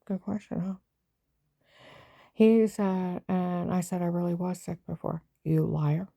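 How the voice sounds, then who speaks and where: Woman with a dark husky gravelly voice, rambling upset about what happened to her. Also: lowish voice, little pitch movement, unhurried, no echo. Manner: agitated, rambling retelling that acts out others' lines. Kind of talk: personal spoken account.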